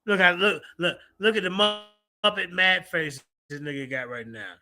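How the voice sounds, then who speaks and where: Brash trash-talking man, high edgy voice, on a video call. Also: a little slow. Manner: loud, crude, taunting. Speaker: debater and stream commentator. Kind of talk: mocking live commentary.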